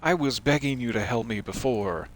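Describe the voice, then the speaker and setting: A man with a medium-pitched voice streams a game at a moderate pace, offering casual commentary. He jokes around, reads the hero's lines aloud, and swings into bouts of mock panic.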